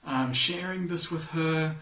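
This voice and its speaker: Slightly high-voiced male preacher in an echoey room. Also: measured pace. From England. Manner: relaxed storytelling, self-deprecating humor. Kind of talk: scripture reading and sermon. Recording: echoey room, mic at a distance.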